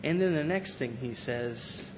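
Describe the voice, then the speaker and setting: A man's voice: expressive, unhurried. A man preaching a sermon, earnestly retelling scripture and paraphrasing it in casual everyday speech. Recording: dull lo-fi recording with faint rumble.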